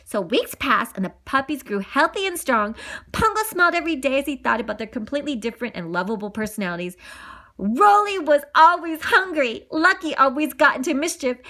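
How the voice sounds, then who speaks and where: A woman reading a children's story aloud, animated and giggly, with gushing asides. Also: high voice, brisk.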